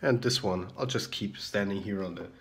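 A man's voice: on the low side, moderate pace, creaky, a bit bright, a little hiss or hum. A young man in his twenties chatting casually to camera in a vlog, opinionated and self-deprecating, at home. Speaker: vlogger. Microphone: camera mic. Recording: roomy echo.

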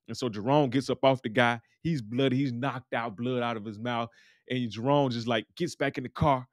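A man's voice: medium pitch, fairly quick, no room sound, studio quality. A man giving a loose, chatty recap of a TV episode, acting out the characters' lines as he goes. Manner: loose, talky retelling that acts out characters' lines. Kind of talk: casual recap monologue.

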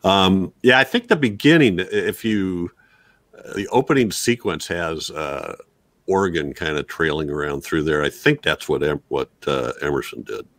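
A man with a very low voice leads a casual film discussion, hesitant and full of restarts. His pitch moves about a lot as he talks. The sound is dry and close. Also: animated, normal speed, fairly bright tone, dry recording. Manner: hesitant, many fillers and restarts. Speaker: podcast host. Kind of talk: casual film review chat.

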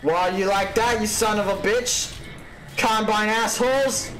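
High, profane, excitable gamer. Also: male voice, moderate pace, a little hiss or hum. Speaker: let's play host. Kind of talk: gaming commentary.

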